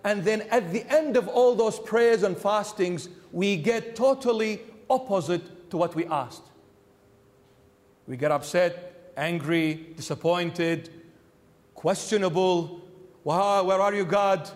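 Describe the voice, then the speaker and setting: A bishop preaching a sermon in a church, telling the story animatedly and acting out its characters. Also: male voice, high voice, slow pace, a little mellow, in a large hall.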